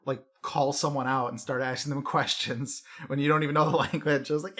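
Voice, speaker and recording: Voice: medium pitch, steady tone, fairly quick, few pauses, a bit bright. A podcast co-host with a Chicago accent, making dry, profane quips in a casual chat.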